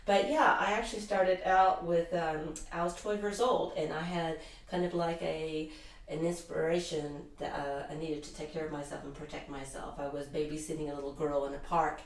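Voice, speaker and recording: A woman's voice: deep voice, moderate pace. Woman telling rambling stories, echoey room. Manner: animated, rambling anecdotes with many restarts. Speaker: guest, intuitive healer. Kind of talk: casual interview storytelling. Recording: roomy echo, distant mic.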